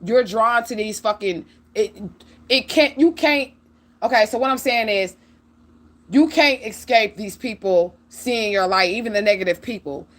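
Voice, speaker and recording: Profane, animated woman telling a story live. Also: a little high, a little slow. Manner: animated, profane, addresses viewers directly. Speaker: livestream host. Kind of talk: casual livestream storytelling.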